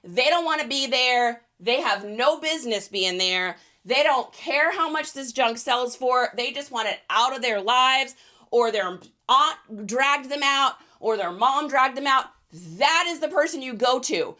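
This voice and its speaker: A woman hosting a casual livestream for resellers, reading viewer questions and chatting quickly with frequent laughs. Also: high voice, expressive, bright, forceful tone.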